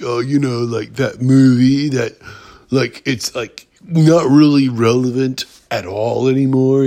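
Slow, gravelly man ranting. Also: mid-range voice, a little mellow. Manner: rambling, profane, many halting restarts. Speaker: podcast host. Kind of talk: casual ranting monologue.

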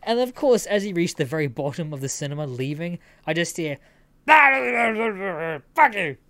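A woman's voice: low voice, animated, quick pace, darkish tone, slight background noise. A woman hosting a casual storytelling podcast, swearing freely and laughing as she talks. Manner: swears freely, laughs while telling stories. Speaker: podcast host.

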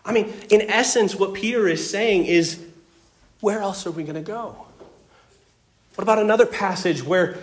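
A man preaching a sermon and teaching from scripture, earnest, doubling words for emphasis and moving between loud stress and hushed tones. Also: on the high side. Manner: earnest, repeats words when stressing a point. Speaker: pastor.

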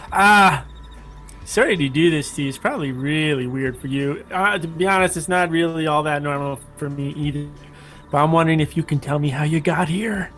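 An awkward, polite adventurer, played by a man who rambles through his apologies. The voice sits a little high, with faint music underneath. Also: moderate pace, fairly bright tone, lightly acted. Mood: apologetic.

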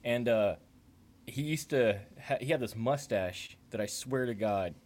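A man's voice: mid-range voice, unhurried, a little mellow. A man telling a profane, funny story in casual chat.

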